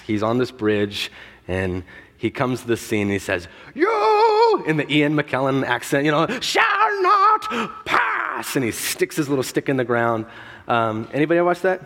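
A man's voice: mid-range voice, fairly bright tone. A married man preaching a sermon, reading scripture and praying, then talking in a loose, joking way with many fillers and restarts. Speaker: pastor. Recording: long reverb of a large hall.

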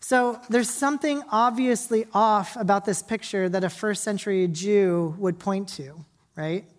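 A young adult woman leads a church service, first reading scripture and praying in a soft, quiet voice. She then preaches in a relaxed, chatty sermon full of fillers and asides to the congregation. Her voice carries through a church hall. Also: mid-range voice, unhurried. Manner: casual, chatty, with many fillers and audience asides. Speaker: pastor.

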